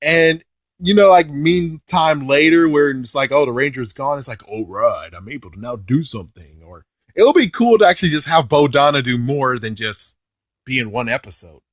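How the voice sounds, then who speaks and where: A man giving a casual, rambling review of a show, excitable, with mild swearing and filler phrases. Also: fairly high pitch, normal speed, no echo, clean studio sound. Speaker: video reviewer.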